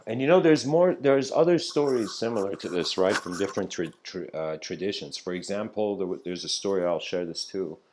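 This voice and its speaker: A man's voice: deep voice, fairly quick, hardly any pauses, a little mellow, a little hiss or hum. A man giving a spiritual talk, retelling an old story in a loose, conversational way with many fillers and restarts.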